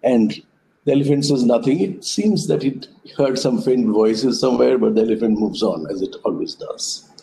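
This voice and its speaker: A man speaks at an even middle pitch with a soft, mellow tone. He gives a reflective talk over a web call. He unfolds his ideas slowly through stories and metaphors. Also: gravelly, slight background noise, poor audio. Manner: thoughtful storyteller, speaks in metaphors. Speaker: conference speaker. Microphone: web conference call.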